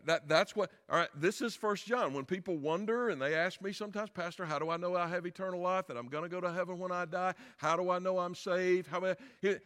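A middle-aged man, a pastor, preaching a sermon in a conversational way, asking the audience questions and building to emphatic peaks. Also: on the high side.

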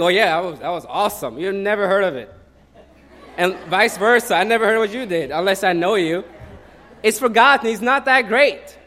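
A male preacher in his thirties talking through a sermon like a conversation. His voice sits a little high, and he tells personal stories loosely, with plenty of "you know" along the way. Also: sharp tone. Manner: conversational, personal storytelling with many fillers.

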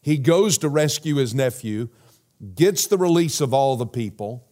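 A man preaching a sermon as pastor, measured and emphatic, repeating phrases and asking the congregation rhetorical questions. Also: mid-range voice, expressive, a little mellow.

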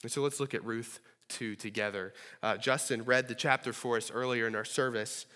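A man's voice: medium pitch, steady tone, moderate pace, pushed and bright. Earnest male pastor in a reverberant church. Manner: earnest, rises to pleading when voicing prayers. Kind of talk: sermon. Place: church sanctuary.

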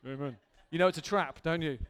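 A man's voice: a little high, brisk, fairly bright tone, clear, resonant tone. A man preaching an earnest, candid sermon in a church hall, building to emphatic intensity.

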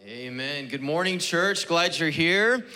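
A man preaching a Sunday sermon to his church, relaxed and joking with the congregation. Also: fairly high pitch, slow, music in the background. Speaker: pastor. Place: church service.

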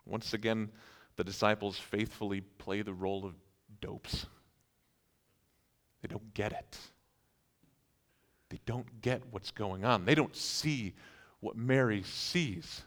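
A man's voice: lowish voice, takes it slowly, long pauses. A man preaching a sermon, telling vivid stories and acting out incredulous reactions. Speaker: pastor.

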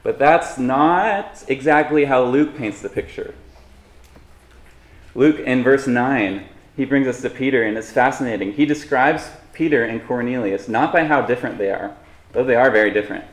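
A man's voice: medium pitch, moderate pace, roomy sound. A man preaching a sermon in a conversational way, with light humorous asides to the congregation. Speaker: pastor.

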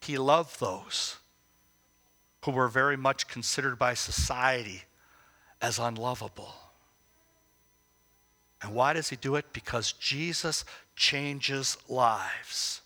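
A man giving devotional Bible teaching, emphatic, with rhetorical questions and slow, stressed phrases. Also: medium pitch, bright, forceful tone. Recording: long reverb as in a hall.

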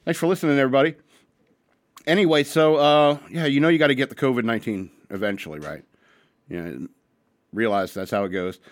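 A man's voice: mid-range voice, brisk, pauses often, dry recording. Rambling, crude-joking male radio host. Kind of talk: casual radio talk show banter. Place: small radio studio. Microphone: studio mic.

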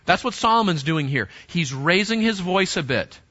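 A man's voice: sits high, expressive, moderate pace, pushed and bright. A man preaching a sermon to teenagers, emphatic, repeating words and restarting phrases. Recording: dull lo-fi sound.

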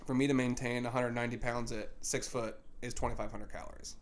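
A man's voice: medium pitch, flat delivery, fast talker. A young man co-hosting a podcast as a fitness coach, talking casually and rambling with many fillers.

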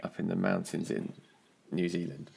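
A man's voice: deep voice, big pitch swings, moderate pace, creaky, darkish tone, husky. A man co-hosting a casual film review chat, rambling and searching for words, with frequent laughs. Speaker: podcast co-host.

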